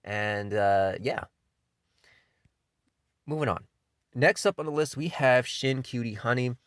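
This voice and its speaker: A man casually hosting an anime countdown, talking in a loose, enthusiastic way, swearing freely and filling pauses with um and you know. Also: mid-range voice, dry recording, clean studio sound. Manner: laid-back and enthusiastic, with frequent swearing; loose delivery full of fillers like um and you know. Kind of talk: casual spoken countdown commentary.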